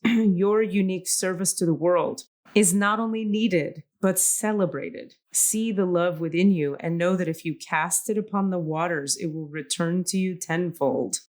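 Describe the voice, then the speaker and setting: A middle-aged woman co-hosting a spiritual podcast, reading card messages aloud in a calm, soothing cadence. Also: fairly low pitch. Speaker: podcast co-host reading intuitive cards.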